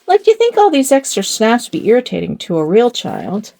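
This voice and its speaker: A woman's voice: a little high, wildly swooping pitch, brisk, vocal fry, dark tone. An older woman hosting a casual doll video, talking to herself as she dresses a doll, rambling and poking fun at herself with frequent chuckles. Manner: rambling, self-mocking, chuckling often. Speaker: doll channel host.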